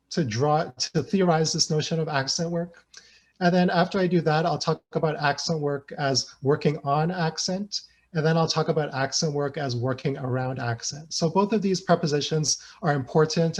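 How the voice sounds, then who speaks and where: A man giving an academic lecture, casual and searching, with many fillers and tag questions. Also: a little high. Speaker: guest lecturer. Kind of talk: academic talk.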